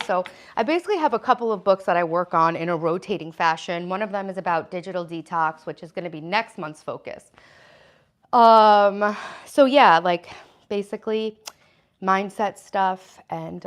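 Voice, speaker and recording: A woman's voice: medium pitch, a bit bright. Chatty woman hosting a livestream. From United States. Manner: chatty, reads viewer comments aloud and answers them. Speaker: livestream host. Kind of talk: casual livestream chat.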